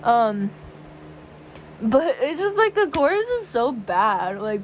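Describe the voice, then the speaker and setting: A woman's voice: a little high, very animated, slow pace, long pauses, slight background noise, rough recording. A young woman chatting casually about music in a vlog, rambling and giggling as she quotes lyrics. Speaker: vlogger.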